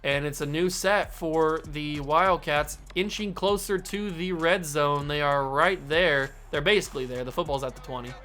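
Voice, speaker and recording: Brief: young man, upbeat gaming commentator, slightly high voice, jokey sportscaster manner. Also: moderate pace, few pauses. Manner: excitable, jokey, narrates own plays like a sportscaster. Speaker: gaming channel host. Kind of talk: casual play-by-play commentary while gaming. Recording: faint game music behind.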